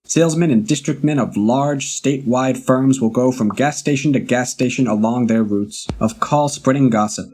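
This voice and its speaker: A man reading an old magazine article aloud in a measured, deliberate way, with the occasional dry aside of his own. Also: mid-range voice, a little mellow, a little hiss or hum. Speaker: reader of a historical article.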